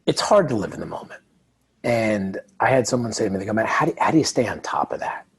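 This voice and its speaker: A man's voice: on the low side, quick pace, creaky, slight background noise. A man who is a guest author in an interview, telling stories and acting out quoted dialogue. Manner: animated storyteller, acts out quoted dialogue. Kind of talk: conversational interview.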